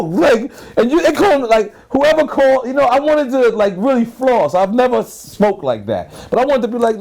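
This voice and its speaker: Very high-pitched and creaky yet a little mellow, his voice swings widely in pitch at a moderate pace. The speaker, a Queens rapper in his 30s, tells stories loosely and profanely in a casual interview, performing both sides of each exchange.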